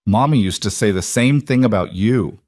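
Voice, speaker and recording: A man voicing a bright six-year-old girl who talks in a matter-of-fact, earnest way. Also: fairly low pitch, moderate pace, no echo, clean studio sound, close to an everyday voice.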